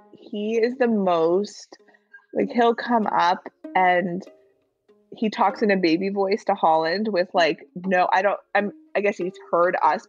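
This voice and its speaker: A woman's voice: mid-range voice, muffled recording. A woman in her thirties, a new mother, chatting frankly about life at home with a newborn and her kids. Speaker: new mother sharing voice memos. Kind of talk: casual chat and phone voice memos.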